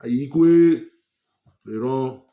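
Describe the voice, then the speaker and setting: A man's voice: mid-range voice, very slow, warm tone, highs cut off. A man from Edo State with a Nigerian accent and Pidgin phrases, ranting to camera in a heated, repetitive way. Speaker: vlogger. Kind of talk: political rant to camera.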